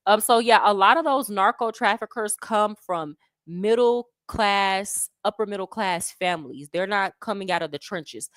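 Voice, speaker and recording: An American woman hosting a casual livestream, chatting with viewers in loose slang and calling them "y'all". Her voice has a middle pitch and swings a lot between high and low. She laughs often, and the dry sound has little room around it. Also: fairly bright tone, dry recording. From United States. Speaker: expat travel livestream host. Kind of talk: casual livestream chat, answering viewer comments. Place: Colombia, living abroad.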